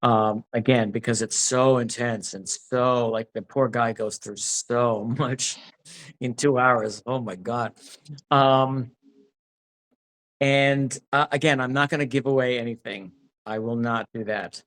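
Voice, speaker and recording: A man's voice: medium pitch, steady tone, slow, fairly bright tone. A man being interviewed about his acting work, talking casually and rambling with many restarts. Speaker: actor, interview guest.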